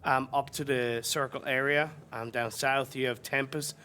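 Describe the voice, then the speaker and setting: A man's voice: mid-range voice, steady tone, moderate pace, bright, forceful tone, clean tone. A man giving colour commentary on an esports match, talking through team tactics in a chatty, analytical way with plenty of fillers. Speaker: esports co-caster.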